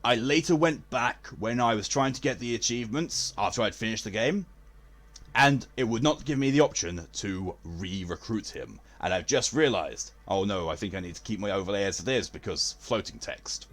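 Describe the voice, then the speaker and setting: A man's voice: lowish voice, lively intonation, normal speed, fairly bright tone. A male streamer, chatting casually with his stream chat in a theatrical, posh-leaning way.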